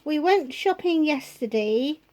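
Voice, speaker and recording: A woman with a blocked nose from a cold, sounding nasal as she chats through a shopping haul vlog, listing prices with many pauses and ums. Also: high-pitched, animated, warm tone, low-quality recording. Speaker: vlogger.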